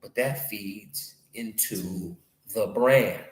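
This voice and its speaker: A man hosting a casual podcast talk, animated and slangy, often repeating his phrases. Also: lowish voice, drawn-out words. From North America. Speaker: podcast host. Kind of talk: casual conversation. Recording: echoey room.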